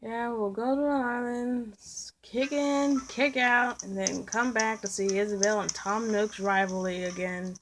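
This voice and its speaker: A woman's voice: fairly high pitch, steady tone, unhurried, few pauses, noisy background. A woman casually commenting while she plays a video game, teasing and joking about the game's characters. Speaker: gameplay video host. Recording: game music playing clearly underneath. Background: game music.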